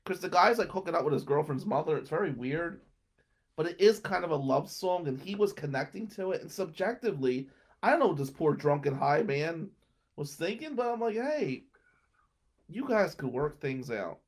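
A young man telling a long personal story in a rambling, casual way and laughing as he goes. His voice is gravelly and a bit husky. His pitch rises and falls a lot. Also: expressive, fairly quick. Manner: rambling, laughing between lines. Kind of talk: casual anecdote.

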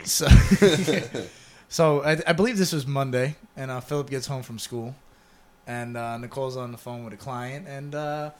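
A man's voice: medium pitch, unhurried, slight background noise. A man in his thirties, a father, telling a crude story in casual chat with laughing friends. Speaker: podcast co-host, father.

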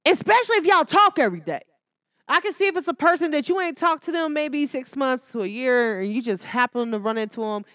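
Animated high-voiced woman. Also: fairly quick, no room sound, clean studio sound. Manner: animated, sassy, jumps into high exclamations. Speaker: podcast host. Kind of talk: casual solo podcast talk.

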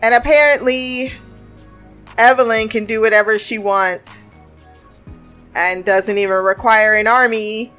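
A woman with a somewhat high voice rips into a TV episode in casual review commentary. She is blunt and sarcastic, and she swears freely. Faint music plays quietly under her voice. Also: steady tone, a little slow, long pauses. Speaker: TV show reviewer.

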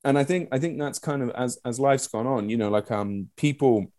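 A man in his thirties, a guest telling stories in a casual, animated way, swearing and using lots of fillers. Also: mid-range voice, normal speed, dry recording. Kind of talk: casual conversational storytelling.

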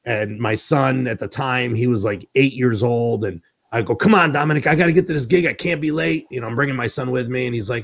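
A middle-aged man hosting a casual chat, telling stories in an animated way and laughing often. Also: medium pitch, fast, few pauses. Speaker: host.

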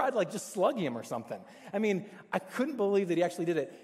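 A man's voice: high voice, big pitch swings, brisk, hardly any pauses, a little mellow. A man preaching as a pastor, telling stories in a casual, chatty and self-deprecating way to his church. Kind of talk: casual storytelling sermon. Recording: long hall reverb.

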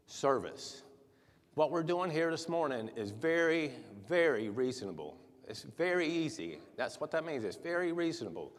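A man preaching a sermon in a church, soft-spoken at first, then louder and livelier with chuckles. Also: mid-range voice. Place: church sanctuary. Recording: long hall reverb.

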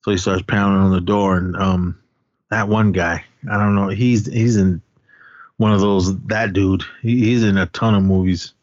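A man's voice: sits low, fairly even intonation, moderate pace, darkish tone, no room sound. A man casually recapping a film on a podcast, rambling and acting out the characters' lines. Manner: rambling retelling with acted-out quotes. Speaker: podcast co-host. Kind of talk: casual movie recap chat. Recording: dull lo-fi audio.

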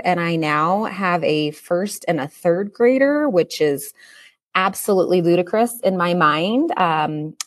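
Woman co-host in her thirties, reflective and upbeat, low-set voice, close dry mic. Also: dry recording. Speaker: podcast co-host. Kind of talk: casual chat.

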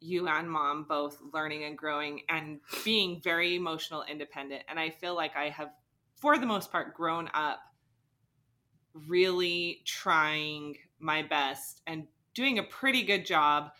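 Young woman, podcast co-host. Bright, sharp tone; animated, acts out dialogue. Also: low voice, slow. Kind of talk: casual storytelling.

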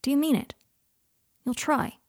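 A woman voicing a tender, earnest young man in love, pleading softly. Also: sits high, fairly even intonation, a little slow, no echo, clean studio sound, voice pushed up.

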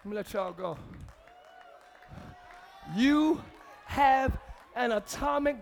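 A man preaching a live church sermon, shouting call-and-response lines to the congregation and laughing between exhortations. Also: very high-pitched, expressive, slow, gravelly, crowd noise. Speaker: pastor.

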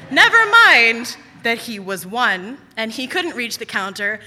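A young adult woman telling a personal story on stage, animated and self-mocking with quick asides. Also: on the high side. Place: stage at a live storytelling event. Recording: reverberant hall.

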